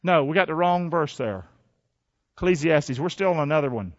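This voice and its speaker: A man with a high voice preaches from the pulpit in a lively, folksy style, urging his congregation to answer and repeat lines with him. The recording is dull and lo-fi. A long reverb trails each phrase. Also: moderate pace. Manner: energetic, call-and-response preaching with folksy asides. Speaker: pastor. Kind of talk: sermon. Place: church.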